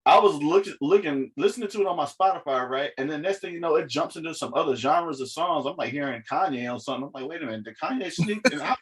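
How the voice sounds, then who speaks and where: Laughing, animated male podcast co-host. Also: on the high side, fast, few pauses. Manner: laughs often, animated storytelling. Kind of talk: casual chat.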